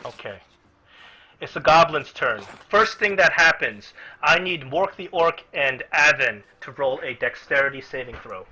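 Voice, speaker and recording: A man's voice: a little high, animated, measured pace, sharp tone, a little hiss or hum. A man narrating as game master in an online tabletop game, casual and explanatory, with many fillers and restarts, on muffled lo-fi audio.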